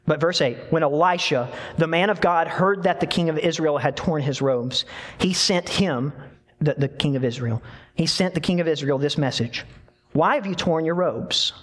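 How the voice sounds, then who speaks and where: A man preaching a sermon, telling a scripture story in an animated way and voicing the people in it. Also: a little high, normal speed. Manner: animated storytelling with dramatic voiced quotes. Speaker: pastor.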